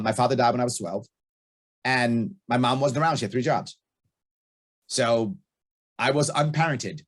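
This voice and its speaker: Middle-aged man, husky voice, rapid delivery, blunt, emphatic, repeats himself, podcast guest. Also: mid-range voice. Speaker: podcast guest, libertarian candidate. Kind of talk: casual podcast interview.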